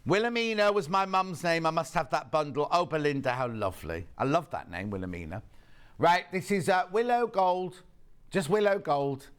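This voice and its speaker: A male TV shopping host keeps up a chatty, teasing patter with the off-camera crew while selling. His fairly high voice swings up and down all the time. He sounds a little sniffly from hay fever. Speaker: TV shopping channel presenter. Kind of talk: live on-air selling chat.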